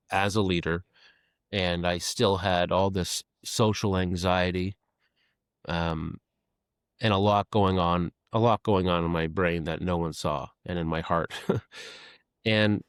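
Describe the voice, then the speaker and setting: A middle-aged man speaking as a podcast guest, candid and self-deprecating, talking haltingly with many fillers and restarts. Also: deep voice, smooth, no room sound, clean studio sound. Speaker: podcast guest, advertising creative leader. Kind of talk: candid conversational interview.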